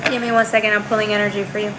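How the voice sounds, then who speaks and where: Racing along in a mid-range voice with little pitch movement, a tarot reader gives a live, chatty reading over very noisy audio. She uses slang, addresses the viewer as girl and bro, keeps saying "right?", and frequently restarts or trails off partway through a phrase.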